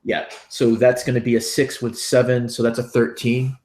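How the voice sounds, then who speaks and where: A man in a tabletop game session talking through his character's plans. His pitch sits in the middle, and his delivery is hesitant and full of thinking aloud. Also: completely flat delivery, moderate pace, darkish tone. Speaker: player. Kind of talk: describing actions in a tabletop game.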